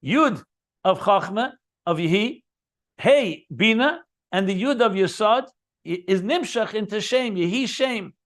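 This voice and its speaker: A man leads a text study lesson, explaining each line and repeating key terms. His voice sits high, and he adds eager asides as he goes. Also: animated, unhurried, a bit bright. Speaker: Chassidus teacher.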